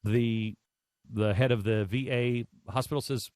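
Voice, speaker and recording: A man hosting a talk show, telling a long story in a lively, halting way with many restarts. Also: mid-range voice, no echo, studio quality. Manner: animated storyteller with frequent restarts. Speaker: radio show host. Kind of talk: talk radio storytelling monologue.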